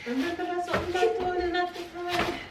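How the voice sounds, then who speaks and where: A woman, vlogging at home as a mother who soothes over and over in a soft voice. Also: very high voice, completely flat delivery, quick pace, over loud music. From Jamaica. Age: 30s. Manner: soft repetitive soothing of a crying child. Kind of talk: casual home vlog. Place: home kitchen. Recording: echoey room with background noise.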